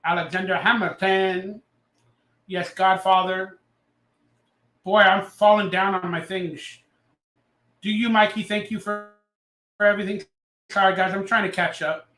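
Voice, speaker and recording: In a high-pitched, bright voice with a steady, forceful tone, a man hosts a casual live stream. He rants sarcastically and reads viewer comments aloud, speaking unhurriedly with long pauses. The audio is reverberant and picked up from a distance.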